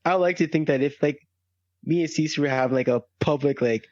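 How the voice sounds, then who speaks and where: A man's voice: fairly high pitch, brisk, no room sound, lo-fi sound. A young adult man co-hosting a casual chat podcast, emphatic and acting out quotes as he talks. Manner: emphatic, acts out quotes, laughs often. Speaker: podcast co-host.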